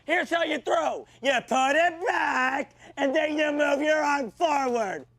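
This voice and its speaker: A foul-mouthed football coach hollers insults at his players in a comedy rant. His voice sits extremely high and turns gravelly as he shouts without letup. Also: takes it slowly, heavily acted. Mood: yelling, berating. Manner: shouting, profane, berating.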